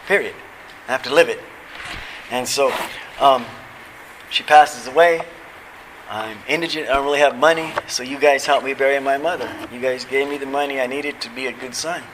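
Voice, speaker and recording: In a noisy convention hall, a middle-aged recovery meeting speaker talks at normal speed in a steady, mid-range voice. His testimony is heartfelt and personal, told casually with slang such as "man" and "dude".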